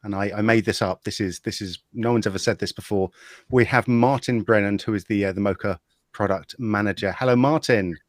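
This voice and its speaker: Guy hosting a video call stream, lowish voice, dry close sound, lots of ums. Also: fairly quick, no room sound. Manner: chatty, hesitant, many fillers and restarts. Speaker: host. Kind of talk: casual livestream chat.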